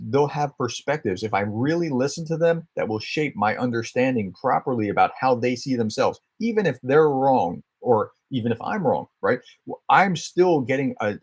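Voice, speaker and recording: A man's voice: on the low side, breathy edge. A man hosting a casual question-and-answer stream, explaining his views in a conversational, thinking-aloud way with frequent restarts. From United States. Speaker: host answering viewer questions.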